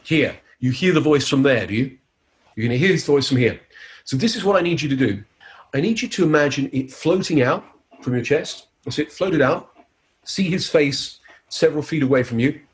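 Running a live teaching demonstration at his seminar, a hypnotist keeps things upbeat and playful. He talks at normal speed in a fairly high voice with lively intonation.

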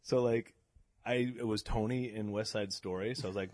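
Middle-aged man from the Boston area, low voice, dry close mic, animated casual storyteller. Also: normal speed, no room sound. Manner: animated storyteller, laughs often. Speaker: podcast guest. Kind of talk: casual podcast conversation.

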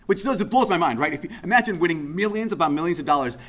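A male pastor preaching in a loose, conversational style, voice sitting a little high. He tells the story like he's talking to friends and drops into quick impressions of the people in it. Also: animated, a bit bright. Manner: casual, conversational preaching that acts out quoted speech. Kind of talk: sermon.

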